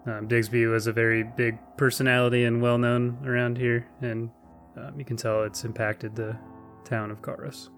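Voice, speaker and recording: A man narrating a tabletop role-playing game as game master, with gentle, unhurried descriptions. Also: mid-range voice, level tone, soft background music.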